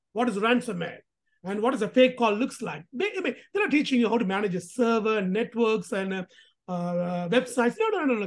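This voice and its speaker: A woman hosting a casual commentary vlog, talking in an animated, emphatic way with rhetorical questions and restarts. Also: fairly high pitch. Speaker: host.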